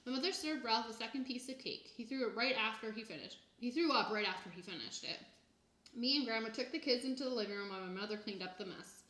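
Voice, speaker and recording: A woman reads a children's chapter book aloud in an even, plain storytelling manner. Her voice sits a little high. The room adds a noticeable echo. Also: quick pace. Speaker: reader. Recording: echoey room.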